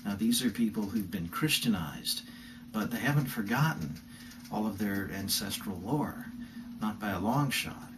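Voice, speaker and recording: Male lecturer, low voice, musing with ums and restarts; mic far off, noisy room. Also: expressive, moderate pace. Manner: thoughtful, rambling, with frequent fillers and self-corrections. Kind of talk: recorded video lecture. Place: room he calls not ideal.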